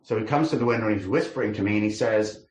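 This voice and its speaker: A man's voice: on the low side, quick pace. A man, a rabbi, teaching a text study class, reading verses aloud and then musing over what they mean. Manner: reads verses aloud then explains them, lively and musing. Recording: roomy echo.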